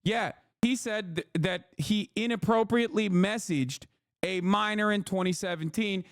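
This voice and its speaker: A man's voice: high voice, unhurried, clear, resonant tone, no echo, studio quality. A man in his thirties, a streamer giving casual, profane, exasperated commentary on news.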